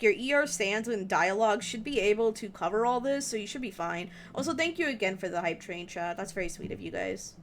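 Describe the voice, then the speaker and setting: A woman's voice: mid-range voice, a little hiss or hum. A young woman streamer giving casual game advice, thinking aloud with lots of fillers. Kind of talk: casual game guide commentary on a live stream. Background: background music and keyboard typing.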